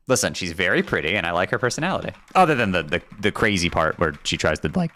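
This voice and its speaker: A young man streaming a video game live, joking with chat and yelping in excitement when the game surprises him. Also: sits low, fast. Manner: excitable and jokey, voice shooting up when startled.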